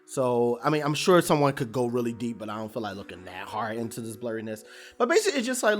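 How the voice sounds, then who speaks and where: A man casually recapping a TV episode, animated and colloquial, rambling with restarts. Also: medium pitch, fairly quick, faint music behind.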